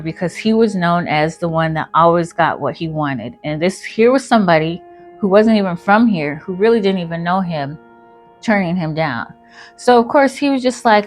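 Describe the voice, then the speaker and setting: Brief: woman storyteller, casual and rambling, faint music underneath. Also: fairly low pitch. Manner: rambling, filler-heavy retelling.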